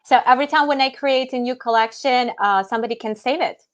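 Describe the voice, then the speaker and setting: A fairly high-voiced woman hosts a live educational webinar over a video call. She is bubbly, laughs easily and keeps things moving between guests. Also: quick pace, muffled recording. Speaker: webinar host.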